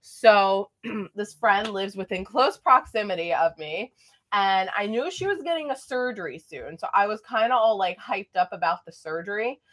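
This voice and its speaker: A woman's voice: medium pitch, animated, moderate pace, fairly bright tone. A young woman vlogger chatting casually through a storytime, rambling with lots of fillers.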